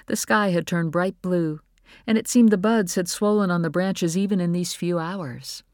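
A woman narrating a novel in a calm, measured audiobook reading. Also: on the low side, no echo, clean studio sound.

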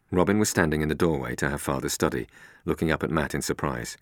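A man's voice: a bass voice, fast, dry recording, studio quality. A man narrating a storybook, in a tense, suspenseful reading.

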